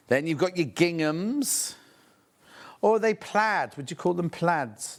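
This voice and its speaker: A man's voice: high-pitched, lively intonation, slow. Gushing male shopping-channel host. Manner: chatty, gushing, thinks aloud while unpacking. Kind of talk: live sales presentation.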